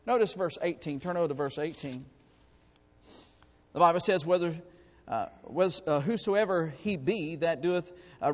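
A man preaching a sermon. He swings between loud, rising exhortation and quiet asides, and reads scripture in slow, drawn-out phrases. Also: fairly high pitch. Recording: long hall reverb.

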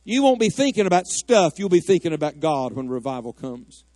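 Fervent high-voiced preacher. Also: male voice, sing-song, a little fast, a little mellow, dry recording. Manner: fervent, emphatic, rising to cries of prayer. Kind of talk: sermon. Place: church sanctuary.

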